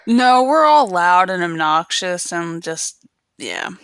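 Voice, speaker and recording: A woman co-hosting a podcast, recapping a TV episode in casual chat with animated retelling and frequent laughter. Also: on the low side, slow pace, clean tone, no room sound. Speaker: podcast co-host.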